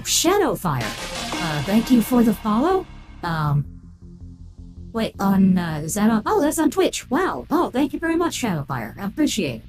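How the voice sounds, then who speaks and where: A woman with a mid-range, darkish voice streams a game through a voice-changer filter. She chats casually while playing, thanks followers and reads chat aloud.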